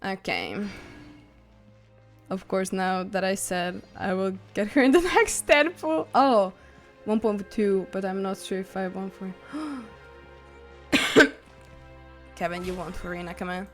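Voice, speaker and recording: A giggly woman chats casually with her viewers while she plays a video game, breaking into excited squeals now and then. English is not her first language, and her voice sits at an ordinary middle pitch. Soft game music plays behind her. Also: slow pace, long pauses. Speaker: live streamer. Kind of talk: casual gaming stream chat. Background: faint game music.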